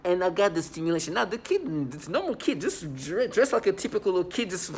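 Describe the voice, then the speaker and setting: A man's voice: high-pitched, animated, a little fast, darkish tone, slight background noise. A man talking straight to camera in a casual monologue, agitated and rambling, repeating himself often.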